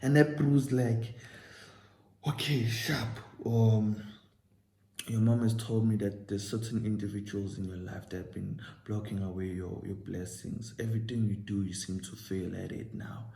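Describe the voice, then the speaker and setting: A man's voice: fairly low pitch, steady tone, measured pace, vocal fry, dark tone, reverberant. A young man with a South African accent, casually telling a storytime and acting out both sides of the conversation. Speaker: vlogger.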